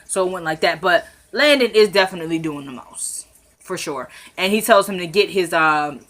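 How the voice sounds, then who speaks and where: Woman, casual TV recap vlogger; bright, crisp tone; chatty, retells scenes line by line, animated asides to viewers. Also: fairly low pitch. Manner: chatty, retells scenes in quick paraphrased dialogue; addresses viewers as "y'all", rising into animated commentary. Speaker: TV episode recapper.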